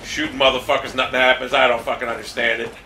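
With a mid-range voice and flat delivery, a fast-talking gamer rants over his stream, constantly swearing and complaining in exasperation. Loud game sounds fill the roomy recording from a distant mic.

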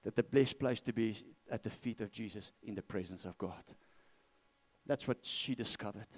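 A man's voice: on the low side, normal speed. Emphatic man preaching. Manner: emphatic, repeats key phrases, asks the congregation to respond. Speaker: pastor. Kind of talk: sermon. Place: church.

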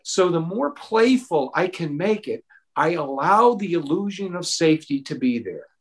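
A middle-aged man answering a question at a town hall, earnest and animated, giving parenting advice with personal stories. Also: fairly high pitch, normal speed, husky. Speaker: mental health expert.

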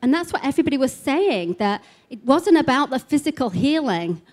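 Woman giving a talk at an expo, bit high voice, chatty storytelling, lots of "like". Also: very animated, a little fast, a little mellow. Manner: chatty storytelling, many "like" fillers. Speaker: speaker on spiritual healing. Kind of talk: live talk to an expo audience.

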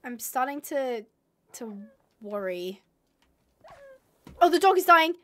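A woman's voice: high voice, big pitch swings, slow, fairly bright tone. A young woman streaming a game live, chatting to viewers and gushing and squealing over cute animals.

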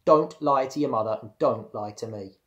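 A man's voice: mid-range voice, moderate pace, lightly acted. A man voicing a stern, angry father who scolds his son.

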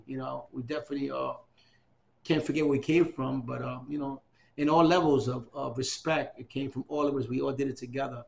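A man in his fifties in an oral history interview, talking in an excitable, repetitive way and giving out many shout-outs. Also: mid-range voice, fairly quick, vocal fry. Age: 50s.

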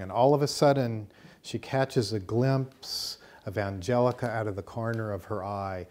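A man leads a class with a long story, his voice low and steady. He talks in a casual, unhurried way, painting scenes and checking in with his listeners. It sounds like a college teaching room. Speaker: course teacher. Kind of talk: storytelling lecture.

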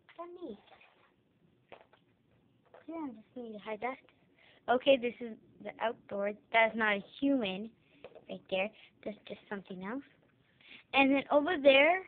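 Chatty young girl on tinny lo-fi audio. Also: on the high side. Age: child. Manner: chatty, rambling, excitable. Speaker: vlogger giving a room tour. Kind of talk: casual room tour vlog. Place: child's bedroom, indoors. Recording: tinny lo-fi home camera audio.

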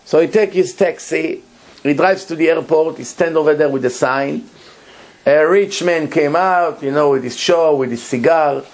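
A man's voice: on the high side, moderate pace. A man, a rabbi giving a Torah lecture, telling a story emphatically and repeating words for effect.

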